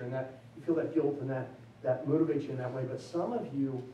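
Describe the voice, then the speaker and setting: A man giving a chapel sermon, swinging from loose, joking asides to slow, emphatic build-ups. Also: medium pitch, highs cut off, background noise. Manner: conversational preaching with emphatic rising build-ups; loose and self-deprecating, with fillers and restarts. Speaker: chapel speaker. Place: college chapel. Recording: echoey chapel, mic at a distance.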